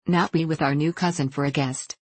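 Woman reader voicing a hearty, jovial young king with a low voice, storybook reading. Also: steady tone, fairly quick, slightly rough, no echo. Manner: hearty, laughing.

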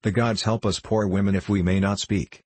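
A man voicing a sharp-tongued farmer's wife in an audiobook, scolding as she talks. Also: fairly low pitch, fairly even intonation, moderate pace, breathy edge, dry recording.

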